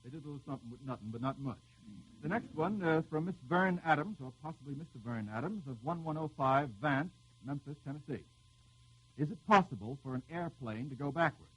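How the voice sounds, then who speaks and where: A man hosting a live radio quiz show, teasing the panel with quick jokes as he reads out the questions. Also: on the high side, fairly bright tone, slight background noise, rough recording.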